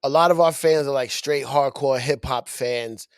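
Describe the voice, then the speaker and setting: A man co-hosting a casual podcast interview, excitable and quick with his interjections. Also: medium pitch, clean tone, no echo, studio quality. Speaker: podcast co-host.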